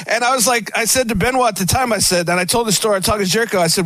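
High-voiced man telling stories. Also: rapid-fire, few pauses, a bit bright, dry recording. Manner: rambling storyteller with many restarts. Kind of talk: casual wrestling interview talk.

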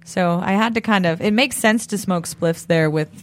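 A podcast co-host in casual chat, relaxed and chatty, laughing easily while telling stories. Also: mid-range voice, normal speed.

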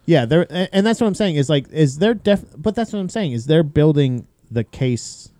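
A man's voice: on the high side, animated, moderate pace, mellow, no echo. A man co-hosting a podcast in casual chat, rambling with frequent restarts and casual swearing. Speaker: podcast co-host.

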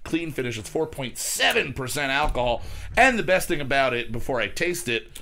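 A man's voice: medium pitch, very animated, a little fast, gravelly, pushed and bright. Joking man hosting a casual podcast. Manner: joking, rambling, reviews beer. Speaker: podcast host. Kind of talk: casual chat.

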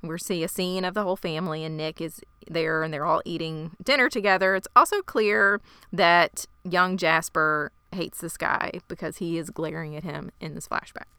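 Podcast co-host, woman, lowish bright clear voice, steady plot recap. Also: moderate pace, few pauses, dry recording. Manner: steady plot summarizing, brief agreeing replies. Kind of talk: casual TV recap narration.

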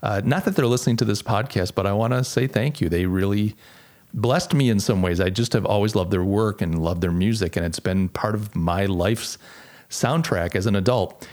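On a casual solo podcast, a middle-aged host talks reflectively at a moderate pace in a low-leaning, darkish voice, with many restarts.

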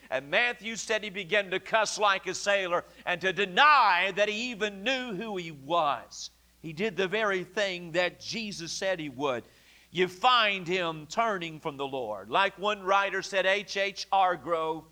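Bright-voiced man preaching a sermon. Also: sits high, expressive. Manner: preaching with dramatic quoted voices and emphatic pauses. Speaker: pastor. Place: church sanctuary.

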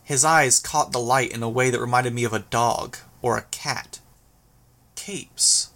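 A man reading a first-person action novel as an audiobook, with a steady, even delivery. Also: medium pitch, moderate pace, gravelly. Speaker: audiobook narrator.

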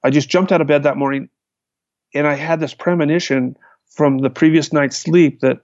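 A man, a hang glider pilot, recounting his flights in a lively storytelling manner. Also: a little high, moderate pace, no echo. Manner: animated, vivid retelling with restarts. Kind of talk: storytelling in a conversation. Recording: dull, lo-fi, dry sound.

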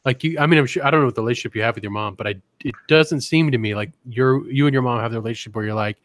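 A man's voice: mid-range voice, rapid-fire, a bit bright, no room sound. A man co-hosting a comedy podcast, rambling and crude in casual chat, often breaking into giggles. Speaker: podcast co-host.

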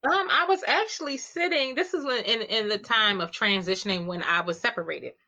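A woman guest telling her faith story in an animated way, acting out the dialogue she recounts. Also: medium pitch, fairly quick, dull audio. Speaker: guest, clothing line founder. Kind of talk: faith-filled personal testimony.

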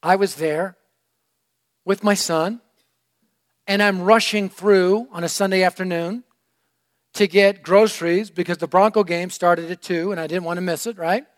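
Animated high-voiced male preacher. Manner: energetic, animated, swinging from loud to hushed. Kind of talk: sermon storytelling. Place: church room.

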